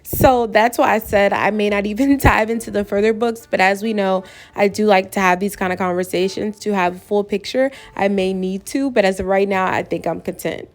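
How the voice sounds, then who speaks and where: A woman giving casual, opinionated commentary to her viewers, animated and emphatic. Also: mid-range voice, brisk, few pauses. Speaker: YouTube commentator.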